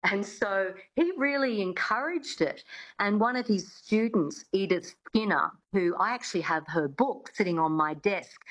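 A woman's voice: mid-range voice, a little slow, a bit bright, rough recording. A woman working as an accent coach, explaining things in a chatty way with many fillers in a radio interview.

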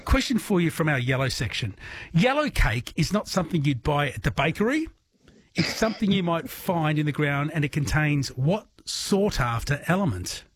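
An Australian man hosting a late-night talkback radio quiz, chatty and quick to laugh. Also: fairly high pitch, very animated, a little hiss or hum. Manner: chatty, laughs easily, repeats phone number. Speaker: radio host.

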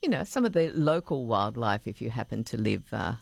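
A woman's voice: extremely low pitch, sing-song, creaky, husky, no room sound. A woman with an Australian accent hosting a local radio show, chatting casually and playfully with colleagues. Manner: chatty, playful, drawn-out filler sounds. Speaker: radio host.

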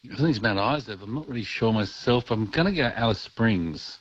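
A man's voice: on the low side, lively intonation, brisk, slightly rough, dry recording. Rambling man on a lo-fi phone line. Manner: rambling, hesitant, self-deprecating. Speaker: radio caller. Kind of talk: phone-in chat.

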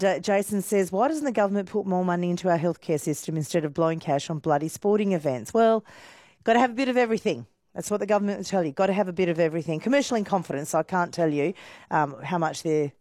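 A woman hosting talkback radio, brisk, friendly and chatty. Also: on the low side, darkish tone, dry recording, studio quality.

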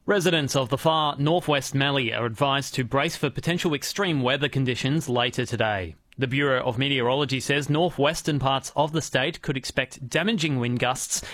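A man reading a local radio news bulletin in a measured, formal way. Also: medium pitch, a bit bright, dry recording. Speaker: newsreader.

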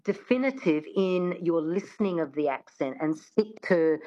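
A woman's voice: lowish voice, animated, normal speed, mellow, dull audio. A woman, a coach, speaking eagerly and agreeably as a guest on a radio talk show. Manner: enthusiastic, agreeable. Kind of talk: radio interview.

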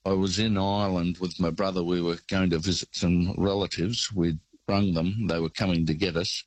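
A man with an Australian accent calling in to a radio show and telling a rambling, relaxed travel anecdote. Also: low-pitched, moderate pace, no room sound, rough recording. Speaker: caller. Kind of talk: casual phone-in storytelling.

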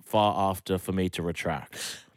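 A man's voice: low voice, steady tone, a little slow, clear, resonant tone. A young Australian man co-hosting a breakfast radio show, telling a story with chatty fillers and chuckles. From Sydney, Australia. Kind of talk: casual on-air chat. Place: radio studio.

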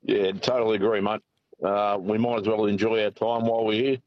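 Low-voiced Aussie caller phoning in from the car, earnest and halting, dull lo-fi phone sound. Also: male voice, flat delivery, dry recording. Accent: Australian. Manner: earnest, hesitant, full of fillers. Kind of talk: talkback radio phone call. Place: driving in a car. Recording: muffled phone line.

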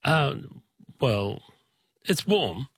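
A man's voice: mid-range voice, very animated, drawn-out words, fairly bright tone, slightly rough, dry recording, clean studio sound. A man from Mauritius, a regular music guest on radio, chatting in a hesitant, wry way. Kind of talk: casual radio chat.

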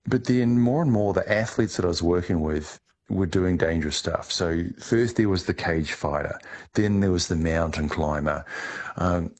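A middle-aged man answering interview questions, telling his story in a relaxed way with some restarts. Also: low voice, moderate pace. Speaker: guest, ice diver.

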